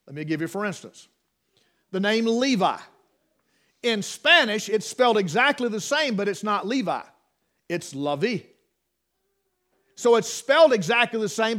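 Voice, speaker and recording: Emphatic high-voiced preacher. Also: male voice, fairly bright tone. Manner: emphatic preaching with frequent restarts and rhetorical questions. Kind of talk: sermon.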